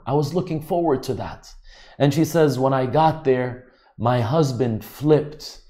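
A man's voice: mid-range voice, dark tone. A man giving a religious lecture, explaining Arabic terms in an earnest teaching manner.

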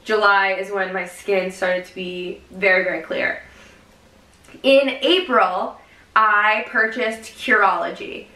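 A young adult woman chatting casually in a vlog, expressive and full of "like" fillers. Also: medium pitch, takes it slowly, reverberant, poor audio. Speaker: vlogger.

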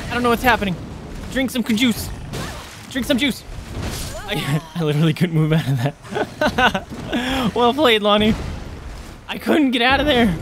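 A woman's voice: medium pitch, animated, moderate pace, background noise. A woman live-streaming a video game, swearing, yelping and chattering to herself and her chat as enemies attack. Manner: swears, yelps and shrieks at enemies, talks to chat. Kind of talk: live gameplay commentary.

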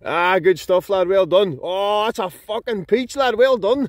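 A Scottish man with a voice a touch higher than most men's talks excitedly outdoors by a loch. He swears constantly and calls out across the water to a fishing partner. There are faint outdoor sounds behind him. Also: a little slow, dry recording, clean studio sound. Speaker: fishing vlogger.

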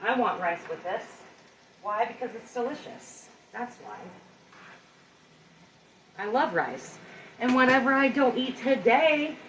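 In her home kitchen, a woman cooks a simple meal on a live stream, talking straight to her viewers and teasing herself in a chatty way. Her voice is a little high, animated and fairly bright, with a slow pace and long pauses, though the audio is poor: reverberant, distant, with slight background noise.

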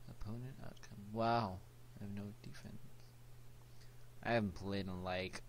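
A man's voice: lowish voice, fairly even intonation, a little slow, creaky, slight background noise. A teenage boy hosting his own gaming channel, chatting casually and goofily to himself as he plays. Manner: rambling, goofy, talks to himself while playing. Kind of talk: casual gameplay commentary.

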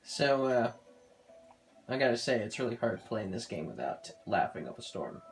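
A man's voice: medium pitch, sing-song, normal speed, soft background music. A man giving casual, amused commentary over a game he is playing, loose and full of fillers. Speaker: gameplay commentator.

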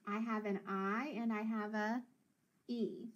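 A woman teacher leading a children's phonics lesson, encouraging and sounding out words slowly. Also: mid-range voice, flat delivery, highs cut off.

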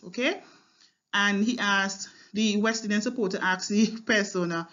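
A woman's voice: mid-range voice, steady tone, normal speed, muffled recording. A woman teaching a line-by-line poetry analysis lesson, explaining as she goes with fillers and frequent "right?" and "okay?" checks.

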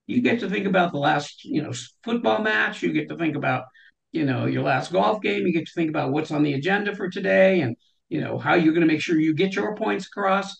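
A woman's voice: on the low side, animated, a little fast, creaky, lo-fi sound. A woman speaking as a guest in a conversational interview, reflective and explaining her ideas through everyday examples. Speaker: guest on a leadership talk show.

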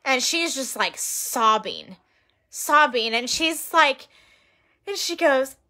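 Brief: woman, higher bright voice, earnest storyteller sharing moving encounters in relaxed chat. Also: slow pace. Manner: earnest, emotional, retells quotes in lively voices. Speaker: missionary sharing outreach stories.

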